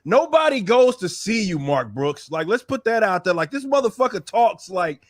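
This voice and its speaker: A man's voice: sits high, very animated, moderate pace. A man on a livestream panel, ranting heatedly with a lot of profanity. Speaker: podcast panelist. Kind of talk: casual livestream chat.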